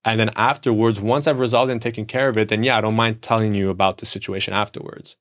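Low-voiced man in reflective chat. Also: fairly even intonation, quick pace, fairly bright tone. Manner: reflective, explains with examples. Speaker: podcast co-host. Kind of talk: casual chat.

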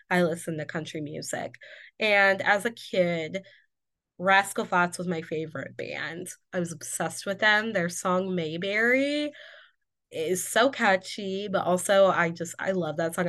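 A woman's voice: lowish voice, fairly bright tone. A woman in her twenties from Indiana hosting a casual solo podcast, bubbly and candid, still a little congested from being sick. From Indiana, USA. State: recovering from illness, slightly congested. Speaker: podcast host.

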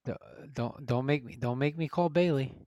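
In a casual online voice chat, a man hosts a movie vote, upbeat as he calls out matchups and tallies everyone's picks. His mid-range voice moves at normal speed with a dark tone, and the audio is dull with no room sound.

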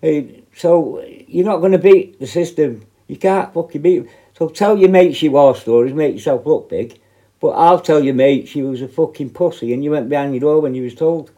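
A man's voice: a little high, moderate pace, warm tone. A middle-aged man, a former prison officer, ranting bluntly and confrontationally straight to camera, full of swearing. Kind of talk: angry direct-to-camera rant.

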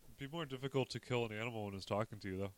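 Fast-talking low-voiced man joking around. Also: clean tone, dry recording, rough recording. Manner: joking, dark humor, chuckling. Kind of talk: casual chat.

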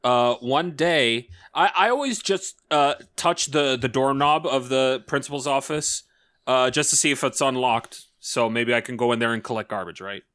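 A young man chatting casually on a podcast, rambling and halting, with lots of filler and swearing. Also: medium pitch, a bit bright. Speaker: podcast co-host. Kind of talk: casual chat.

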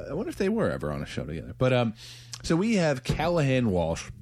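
A man's voice: mid-range voice, wildly swooping pitch, moderate pace, a little mellow. A man hosting a podcast, chatting casually, laughing often and rambling with restarts. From United States. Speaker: podcast host. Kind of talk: casual chat.

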